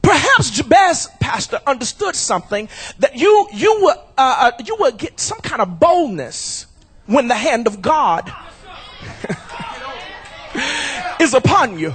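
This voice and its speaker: A male pastor preaching a shouted sermon at a church service, using rhythmic repetition and calling out to the congregation. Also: very high-pitched, very animated, slow, pauses often, slightly rough, some chatter behind.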